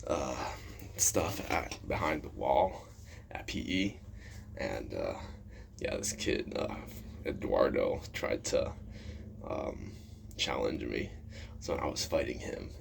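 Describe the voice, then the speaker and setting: A man's voice: extremely low pitch, big pitch swings, slow, creaky, pauses often, a little hiss or hum. A man telling rambling school stories in a casual vlog, full of fillers and swearing. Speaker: vlogger. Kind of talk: casual storytelling.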